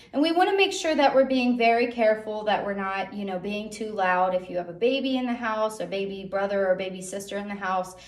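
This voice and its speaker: A young woman music teacher giving an online drum lesson for children, encouraging and checking in with a frequent "okay?". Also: mid-range voice. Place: music room. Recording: echoey room, drum hits.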